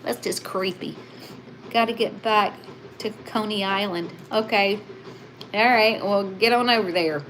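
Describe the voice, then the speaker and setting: A woman's voice: medium pitch, a little slow, fairly bright tone, slight background noise, rough recording. A woman hosting a casual livestream, chatting and reading viewer comments aloud. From Southern United States.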